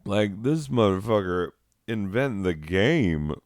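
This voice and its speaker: A man with a lowish voice talks slowly and loosely, rambling and swearing while stoned. His voice is smooth and clear, recorded dry and close with no room sound. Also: animated, darkish tone, dry recording. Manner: rambling, profane, laughs often at his own jokes. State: high. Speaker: host. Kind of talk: rambling gameplay chat.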